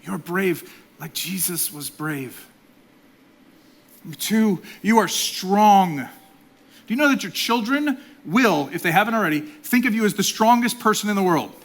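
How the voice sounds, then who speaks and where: A man in his forties, a pastor preaching a sermon, swinging between loud emphatic exhortation and soft, intimate delivery. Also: high-pitched, animated, unhurried. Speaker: executive pastor.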